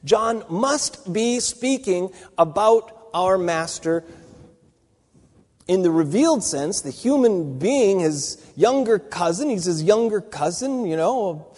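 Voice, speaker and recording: Man, Bible teacher, thinks aloud, fairly high voice, reverberant hall. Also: expressive, takes it slowly, a little mellow. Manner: conversational, thinking aloud with fillers and restarts.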